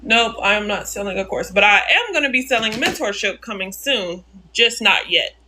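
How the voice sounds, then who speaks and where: A woman hosting a casual live-stream software tutorial, narrating each click, repeating her steps and answering the chat as she goes. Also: mid-range voice, expressive, moderate pace, noisy background.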